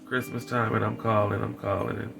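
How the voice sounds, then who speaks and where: A man vlogging a candid personal story with wry dark humor, rambling and repeating his phrases. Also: fairly low pitch, flat delivery, fairly quick, vocal fry. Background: background music.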